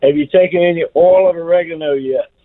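A man's voice: on the high side, fast, dry recording. A man from Texas calling in to a radio show, eager and repeating himself as he starts sentences. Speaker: caller. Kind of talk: call-in radio conversation. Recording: tinny phone line.

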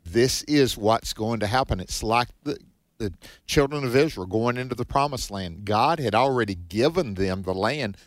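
A man's voice: mid-range voice, lively intonation, moderate pace, no echo. A man co-hosting a Bible teaching show, giving earnest, preacherly exhortations in a conversational way.

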